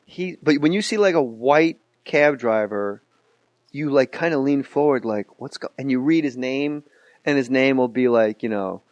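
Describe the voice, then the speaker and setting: A man hosting a podcast, cutting in with quick, playful jokes and asides. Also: medium pitch, no room sound, dull audio. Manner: quick joking interjections, playful. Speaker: podcast host. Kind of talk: casual podcast banter.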